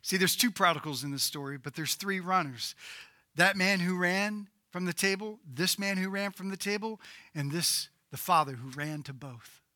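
A man preaching a sermon as pastor, swinging between loud emphatic bursts and low, quiet passages. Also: moderate pace, no echo.

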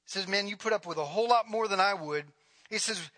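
A middle-aged man gives a sermon in church, his voice high and ringing. He keeps the room with sly, sarcastic jokes before climbing into emphatic, forceful preaching. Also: animated, fast. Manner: joking, sarcastic asides, rising to emphatic preaching. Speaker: pastor.

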